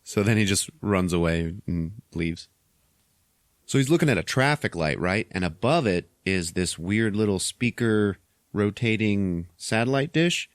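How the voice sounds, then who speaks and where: A man's voice: on the low side, measured pace, dry recording, studio quality. A man hosting a podcast, retelling a film scene by scene with swearing and laughter. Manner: animated retelling, profane, laughs often. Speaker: podcast host. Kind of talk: casual movie recap chat.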